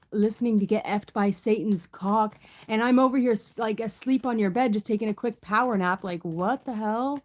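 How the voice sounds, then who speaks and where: A woman's voice: on the high side, darkish tone. A woman reading tarot in a casual, rambling chat, full of fillers and swearing. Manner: chatty, profane, rambling with many fillers. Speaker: tarot reader.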